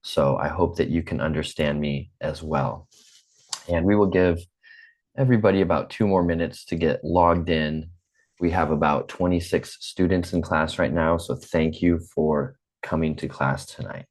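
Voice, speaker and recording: A man from the United States in his forties teaches an online English lesson over a video call on a computer mic, patiently and slowly, often repeating himself. He has a General American accent and an extremely low, slightly mellow voice.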